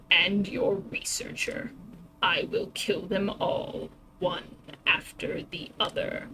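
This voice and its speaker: A woman voicing a cruel male king villain in a video game, threatening in a slow, hushed whisper. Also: mid-range voice, gravelly, rough recording.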